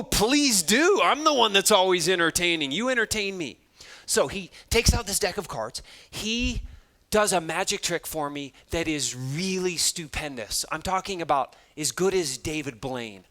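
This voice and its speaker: A motivational speaker addressing a hall of students, a man with a high, light voice. He tells his stories in an animated way and plays out every line of dialogue, poking fun at himself as he goes. His tone stays bright and ringing. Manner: animated, acts out dialogue, self-deprecating humor. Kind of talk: storytelling keynote talk to students.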